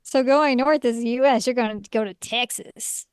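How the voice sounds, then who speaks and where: A woman co-hosting a podcast, chiming in with playful, quick reactions in casual chat. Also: a little high, a little mellow, clear, resonant tone, no room sound, clean studio sound. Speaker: podcast co-host.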